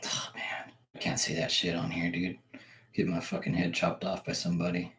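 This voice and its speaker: A man's voice: deep voice, monotone, moderate pace, fairly bright tone. A man hosting a livestream, chatting loosely and swearing, often laughing to himself. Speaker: livestream host. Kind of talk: casual livestream chat.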